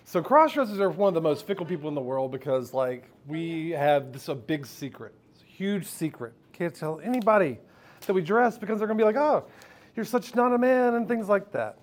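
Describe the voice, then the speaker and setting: A storyteller from the United States delivers a blunt, profane personal story on stage at a live event, regularly sharing laughs with the crowd. He talks a little fast, with a fairly high pitch and lively intonation.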